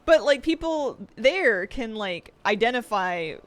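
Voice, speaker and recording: A woman's voice: fairly high pitch, sing-song, takes it slowly, no echo. A young Canadian woman streaming, chatting casually and giggling while she reads her chat aloud.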